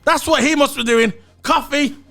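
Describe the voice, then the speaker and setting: A man's voice: extremely high pitch, moderate pace, vocal fry, bright, forceful tone, soft background music. A man giving a blunt, opinionated solo review of a race, swearing and repeating his points. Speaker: motorsport commentator.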